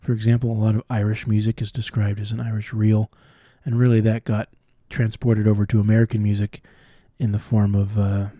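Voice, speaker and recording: A man solving cryptic crossword clues out loud, thinking through each one and explaining the wordplay as he goes. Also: fairly low pitch, little pitch movement, a little fast, few pauses, no echo, clean studio sound. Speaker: puzzle solver.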